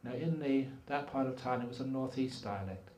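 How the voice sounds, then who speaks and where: A middle-aged man giving a dharma talk at a meditation retreat, telling animated and humorous stories. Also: mid-range voice, fairly quick. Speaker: meditation teacher. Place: retreat hall. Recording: echoey hall, from far off.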